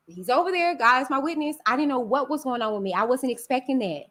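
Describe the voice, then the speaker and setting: A woman's voice: high-pitched, lively intonation, fast talker, few pauses, a bit bright. A woman hosting a live stream, talking candidly and emphatically to her viewers, calling them y'all. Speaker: channel host.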